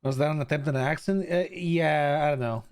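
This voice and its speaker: A young adult man from Bulgaria chats casually with his livestream viewers, greeting chatters by name, swearing freely and stammering through restarts. His voice is a little high, smooth and darkish, and he talks briskly.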